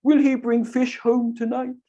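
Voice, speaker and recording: A solemn, longing wife from a storybook, as a storyteller acts her out. She speaks in a quiet, soft, sad voice, pitched a little above the teller's own. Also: little pitch movement, a little slow, muffled recording, natural voice.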